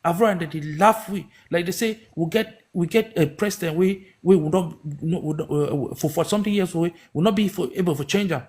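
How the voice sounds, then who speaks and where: A man's voice: high voice, fairly quick, few pauses, a little mellow, husky. A man from Cameroon with a Cameroonian Pidgin English accent, giving rambling political commentary on a livestream, full of restarts and rhetorical questions. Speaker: livestream host.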